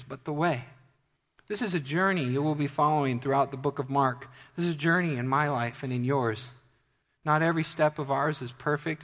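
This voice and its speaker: A man's voice: mid-range voice, a bit bright. A man preaching a sermon in a conversational way that builds to emphatic declarations. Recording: long hall reverb.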